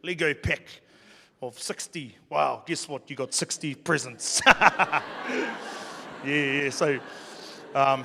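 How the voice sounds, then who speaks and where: A man with a New Zealand accent spins stories from his childhood for a live crowd, casual and cheeky with a lot of swearing. His voice sits a bit high. It carries with the long reverb of a hall. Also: fairly bright tone. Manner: casual, joking, swears freely. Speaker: speaker. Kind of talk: storytelling talk to a live audience. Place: hall with an audience.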